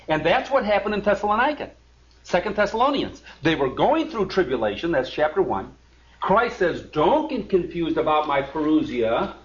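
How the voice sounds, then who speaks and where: A man teaching a Bible study, reading scripture aloud and breaking in with emphatic asides. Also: fairly high pitch. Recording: lo-fi recording.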